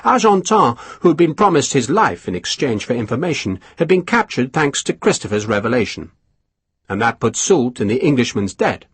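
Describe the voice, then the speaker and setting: A man narrating an audiobook in an expressive storytelling manner. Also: mid-range voice, fairly quick, breathy edge, no echo. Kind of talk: scripted narration.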